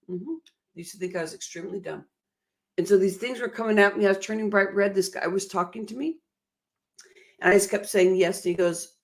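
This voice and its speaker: A woman's voice: medium pitch, brisk. A middle-aged woman giving an emotional, earnest motivational talk, often laughing at herself. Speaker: motivational speaker.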